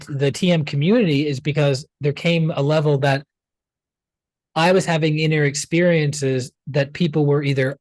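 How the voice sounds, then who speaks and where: A man's voice: fairly high pitch, a little mellow, dry recording. A man in his forties, a guest in an interview, telling a personal story in a casual way and acting out past conversations.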